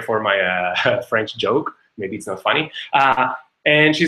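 A man's voice: on the low side, animated, a little slow, pushed and bright, roomy sound, low-quality recording. A man teaching an online webinar in a chatty way, full of fillers and "okay?" check-ins. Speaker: webinar teacher, company co-founder.

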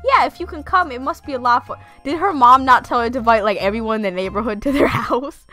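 A woman commentating her own gameplay, reacting loudly and giggling, sometimes voicing the characters. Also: a little high, fast, soft background music. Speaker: gamer. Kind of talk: let's play commentary.

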